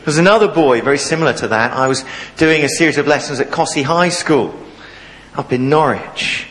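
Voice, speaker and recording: A man preaching a sermon as the new vicar, telling lively stories from his teaching days to the congregation. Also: a little high, a little fast, in a large hall, slight background noise, rough recording. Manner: jovial, animated storyteller. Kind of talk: sermon with storytelling. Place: church.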